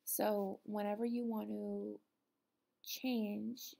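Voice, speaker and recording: Patient woman teacher with a dark, gravelly voice. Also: mid-range voice, level tone, very slow. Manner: patient, explanatory, with frequent ums. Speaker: Spanish teacher. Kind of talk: recorded classroom lesson.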